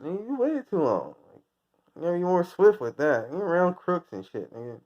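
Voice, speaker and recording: A man's voice: high voice, very animated, moderate pace, a little mellow. Laughing, swearing man on a dull recording. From United States. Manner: rambling, crude, laughs often at own jokes. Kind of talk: casual profane rant.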